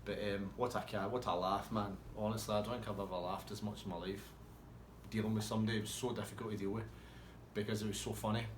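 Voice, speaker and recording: A man's voice: lowish voice, flat delivery, quick pace, reverberant, a little hiss or hum. A man telling a rambling, swear-heavy anecdote in a casual way. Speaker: storyteller.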